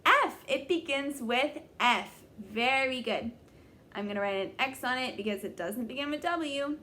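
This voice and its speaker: A young woman teaching young children a phonics lesson, sounding out letters slowly and praising them often. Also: high-pitched, lively intonation, bright, forceful tone. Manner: slow, exaggerated sounding-out of letters; encouraging, praising. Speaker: kindergarten teacher.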